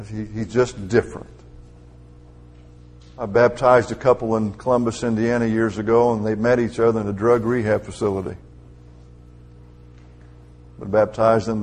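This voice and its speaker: Gravelly-voiced man preaching a sermon. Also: on the low side, darkish tone. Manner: conversational preaching that rises to emphatic peaks.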